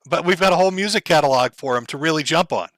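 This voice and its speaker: A man's voice: a little high, quick pace, a bit bright, no echo. A man with a Minnesota accent hosting a livestream in casual, profane, rambling chat, chuckling often. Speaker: livestream host.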